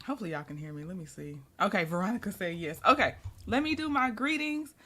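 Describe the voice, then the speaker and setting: A woman's voice: medium pitch, animated, quick pace, bright, forceful tone. A woman hosting a casual livestream, chatty and laughing often, sleepy and yawning as she greets her viewers by name. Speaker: livestream host.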